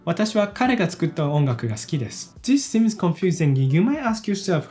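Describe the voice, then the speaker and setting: Lively male language teacher. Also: sits high, fast. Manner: explains step by step, repeats each example sentence twice. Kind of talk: explanatory video lesson.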